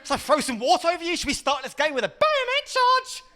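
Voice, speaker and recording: A man's voice: very high voice, wildly swooping pitch, quick pace, bright, forceful tone, pitched above the performer's own voice, full character voice. A man doing a scornful old army granddad. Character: competitive, gruff old army veteran grandfather.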